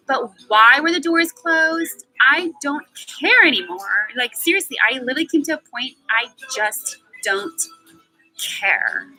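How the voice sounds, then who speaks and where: Bright-voiced blunt woman in her twenties. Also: high voice, lively intonation, normal speed, soft background music, poor audio. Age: 20s. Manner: emphatic and blunt, swears freely, repeats words for stress. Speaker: live-stream host. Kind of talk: candid personal monologue.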